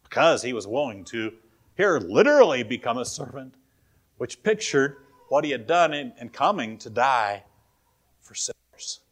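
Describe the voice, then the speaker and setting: A man's voice: medium pitch, sing-song, normal speed, a bit bright, breathy edge. A man preaching a sermon in a conversational way, often asking his listeners questions. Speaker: pastor.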